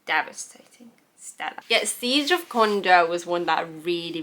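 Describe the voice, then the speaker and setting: A young woman with a bright, crisp voice gushes about her favourite books in a casual, rambling chat. She laughs at herself and reads out her old notes with plain delight. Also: on the low side, animated, measured pace, hardly any pauses. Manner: gushing, rambling, self-mocking, laughs at herself. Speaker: book vlogger. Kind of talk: casual book review chat.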